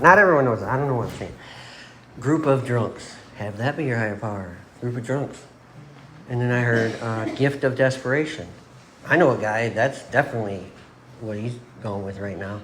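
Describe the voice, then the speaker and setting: A man's voice: mid-range voice, slight background noise. A middle-aged man from Michigan telling his recovery story at an AA meeting, in a loose, self-mocking storytelling style. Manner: casual storytelling, laughs at himself. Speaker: AA meeting speaker. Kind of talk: personal recovery talk. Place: meeting room.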